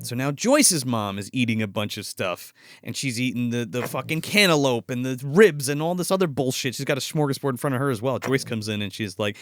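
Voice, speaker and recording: A man's voice: medium pitch, brisk, no room sound, clean studio sound. A man hosting a casual movie review podcast, swearing freely and acting out scenes as he retells them. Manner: animated, profane, retells scenes with voices. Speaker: podcast host.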